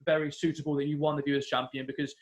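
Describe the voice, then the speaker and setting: Male podcast host, slightly high voice, eager and full of praise. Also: level tone, very fast. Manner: enthusiastic, complimentary. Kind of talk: casual interview.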